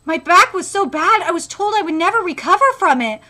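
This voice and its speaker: A woman reading the lines of a calm teenage boy, a retired wrestler, in a plain even way. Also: very high voice, a little fast, background noise. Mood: resigned.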